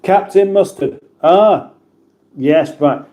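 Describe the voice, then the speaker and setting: A middle-aged man from the UK chats loosely on his own livestream. He rambles through viewers' comments with playful banter and frequent restarts, and his voice sits at an ordinary middle pitch. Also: animated, unhurried, a little mellow. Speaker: livestream host. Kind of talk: casual live chat reading viewer comments.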